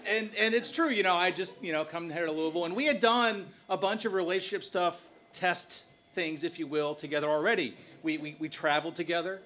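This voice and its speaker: A man's voice: high-pitched, a little fast, few pauses, a bit bright. A man telling a personal story on stage to a live audience, with wry, self-deprecating humor.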